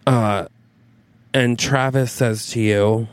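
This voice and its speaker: A man co-hosting a comedy podcast, improvising a romance plot and quickly slipping into quoted lines. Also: mid-range voice, fairly even intonation, clean tone, no echo. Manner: narrates a scene and quickly switches into quoted voices. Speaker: podcast co-host.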